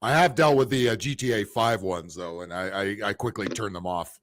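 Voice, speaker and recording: A man's voice: lowish voice, brisk, no echo, clean studio sound. A middle-aged man, a gamer guest on a casual livestream, grumbling and profane. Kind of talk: casual stream chat.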